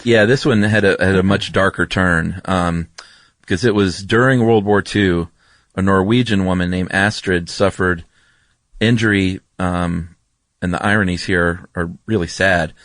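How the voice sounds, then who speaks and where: A man's voice: deep voice, fairly even intonation, a little slow, a bit bright, dry recording. A man co-hosting a podcast in casual chat, explaining things with frequent ums. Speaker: podcast co-host.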